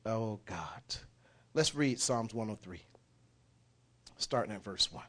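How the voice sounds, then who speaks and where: A man preaching a sermon, folksy and impassioned, swinging from quiet talk to shouting. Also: on the low side, expressive, slow. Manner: folksy, dialect speech.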